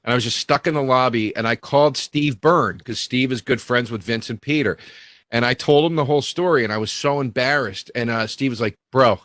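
A man spins a rambling story and acts out the lines of the people in it. His voice sits at an ordinary pitch. The recording is dry and close, with no room sound. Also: brisk, a bit bright, no echo. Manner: rambling anecdote, acting out quotes. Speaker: comedian guest. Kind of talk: casual storytelling.

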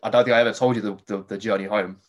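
A man hosting a podcast, telling a story in a lively casual way, swearing freely and acting out his own reactions. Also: lowish voice, rapid-fire. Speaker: podcast host.

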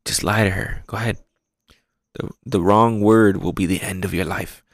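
A man voicing a beaten young man's inner thoughts in a low, hushed voice. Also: steady tone, normal speed, no room sound, clean studio sound. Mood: urging.

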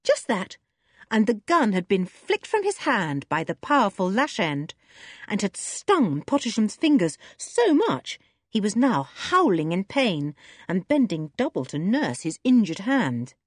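Woman audiobook narrator, expressive, breathy, animated pitch, dry sound. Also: a little slow, dry recording. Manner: expressive, lively reading. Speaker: audiobook reader. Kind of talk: storybook narration.

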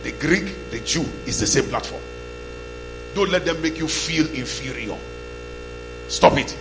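Male pastor, raised gravelly voice, call-and-response sermon, music underneath. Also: a little high, expressive, measured pace. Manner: call-and-response, shouting bursts. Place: church hall. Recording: loud music and mains hum behind.

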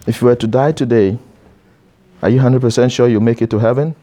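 A man's voice: medium pitch, steady tone, a little fast, mellow. A man preaching a sermon to young listeners, emphatic and repetitive, putting questions straight to the crowd in front of him. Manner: emphatic, repeats phrases, questions the listeners directly. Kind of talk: sermon to a youth audience.

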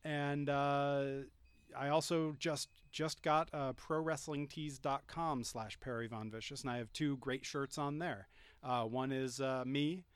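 A man's voice: mid-range voice, fairly even intonation, unhurried, clean tone, dry recording. A man speaking as a podcast guest, easygoing, often restarting his sentences. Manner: easygoing, stammers at starts. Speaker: podcast guest, pro wrestler. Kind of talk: casual chat.

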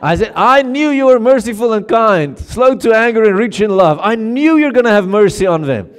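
A man's voice: very high-pitched, animated, unhurried, voice pushed up. A man voicing an angry, bitter little prophet who complains in exasperation. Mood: exasperated.

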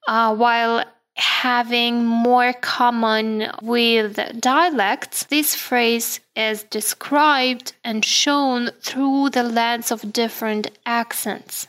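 A woman hosting a solo podcast who explains things in a measured way and speaks directly to her listeners. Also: fairly high pitch, fairly even intonation, a bit bright. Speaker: podcast host.

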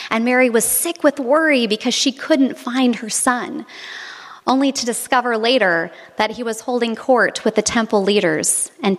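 A woman's voice: fairly high pitch, a bit bright, long reverb tail. A woman preacher delivering a sermon, telling stories in a reflective way. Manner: reflective storytelling. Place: monastery.

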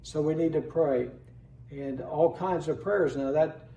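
Pastor, male, earnest sermon delivery, slightly raised pitch, heard from afar in an echoing church. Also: unhurried, warm tone. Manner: earnest preaching, reads scripture aloud with rising emphasis. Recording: echoey room, voice from a distance.

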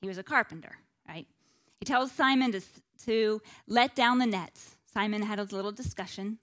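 A woman's voice: mid-range voice, moderate pace, a bit bright. Chatty woman teaching a Bible lesson. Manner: chatty, with many "like" and "you know" asides.

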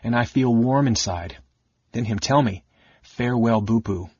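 A man's voice: mid-range voice, moderate pace, darkish tone, husky, dry recording, dull audio, natural voice. A man voicing a ragged female gully dwarf who speaks in broken pidgin. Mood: tearful.

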